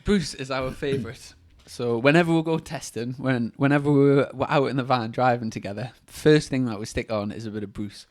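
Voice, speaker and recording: Podcast host, mid-pitched man, chatty anecdotal storyteller. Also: fairly quick, hardly any pauses. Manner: storytelling with restarts and laughs. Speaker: motorbike racer, podcast host. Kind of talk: casual chat.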